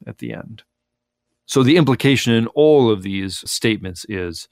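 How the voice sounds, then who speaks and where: A man's voice: sits low, normal speed, vocal fry, dry recording, clean studio sound. A male pastor, a guest on a radio talk show, thoughtfully explaining the Sunday Bible readings with appreciation for the text. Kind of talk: radio interview, scripture commentary.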